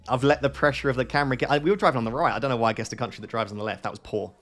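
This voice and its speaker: Man, gaming host, live gameplay commentary, thinks aloud, questions himself, mid-pitched voice. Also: racing, few pauses, fairly bright tone.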